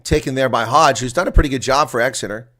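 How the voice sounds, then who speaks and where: A man calling a rugby match live as a chatty, excitable watch-along commentator, with a congested throat that keeps him coughing. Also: mid-range voice, fast. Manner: chatty and excitable, laughs at players' mistakes. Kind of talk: live play-by-play reaction commentary.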